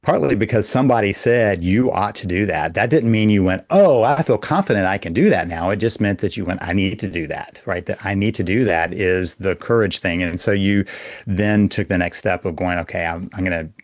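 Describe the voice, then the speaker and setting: A man who is a guest on a podcast, explaining his ideas in a measured way as a coach. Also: low voice, dry recording, clean studio sound. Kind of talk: podcast interview.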